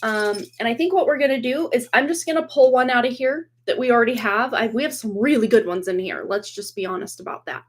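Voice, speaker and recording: A woman in her forties, a tarot reader hosting a livestream from home, chatting casually, rambling with many fillers and frequent laughs, her voice slightly hoarse from a cold. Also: fairly high pitch, quick pace, few pauses. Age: 40s. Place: home room with dog toys and boxes behind. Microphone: computer webcam.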